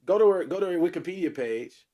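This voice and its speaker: A man's voice: sits high, animated, fast, warm tone. A man co-hosting a podcast in casual, playful banter, easygoing and hedging. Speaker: podcast co-host.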